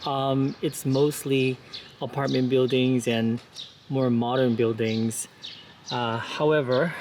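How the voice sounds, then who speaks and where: Male travel host, relaxed tour-guide delivery, outdoor street walk, faint background noise. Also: mid-range voice. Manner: relaxed, informative, with frequent "uh" and "you know" fillers. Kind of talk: casual walking tour narration.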